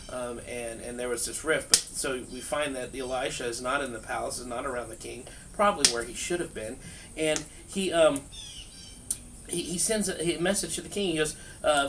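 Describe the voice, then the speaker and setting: A man, a pastor, teaching from the Bible in a relaxed, conversational way, full of fillers and restarts, filmed outdoors by a street. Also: medium pitch. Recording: distant mic, faint outdoor noise.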